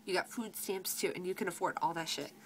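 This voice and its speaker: A woman's voice: on the low side, fairly quick, poor audio. Exasperated teenage girl venting with faint hiss. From United States. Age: teens. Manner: exasperated, sarcastic, swears freely, quotes customers in mocking voices. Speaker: grocery cashier. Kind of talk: venting vlog rant.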